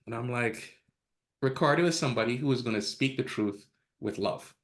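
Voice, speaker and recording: A man's voice: medium pitch, moderate pace. Candid man telling stories. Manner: candid, laughs at own stories, acts out quotes. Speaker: podcast guest. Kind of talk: casual storytelling interview.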